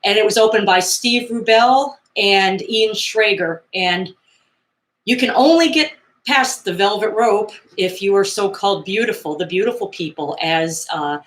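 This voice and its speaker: A woman's voice: mid-range voice, measured pace, a bit bright. A woman vlogger casually retelling stories in a chatty, digressive way with frequent fillers and asides. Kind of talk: casual retelling of 1970s pop culture. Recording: roomy echo.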